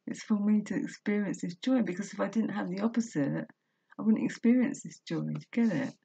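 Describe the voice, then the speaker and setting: A woman's voice: mid-range voice, brisk, creaky, mellow, slightly rough, dry recording. A woman vlogger reading a book aloud and breaking off into earnest, emotional, confessional commentary. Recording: dull lo-fi recording.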